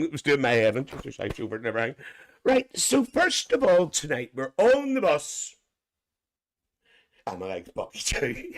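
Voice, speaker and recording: Chuckling Northern Irish man hosting a live chat. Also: mid-range voice. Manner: chuckles often between lines; chatty, teasing, rambling storyteller. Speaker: livestream host reading viewer comments. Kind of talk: casual live chat, imagined coach trip.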